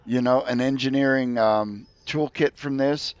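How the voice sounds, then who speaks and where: A man's voice: medium pitch, steady tone, measured pace, clean tone, no echo. A man running a tabletop game as game master, narrating in a rambling, easygoing way. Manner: rambling, easygoing, with many fillers. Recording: dull lo-fi sound in a dry room.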